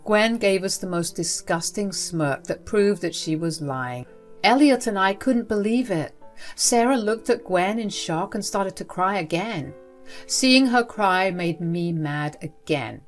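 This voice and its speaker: A woman narrating a first-person family story in an even, steady scripted reading. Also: fairly low pitch, measured pace. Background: soft background music.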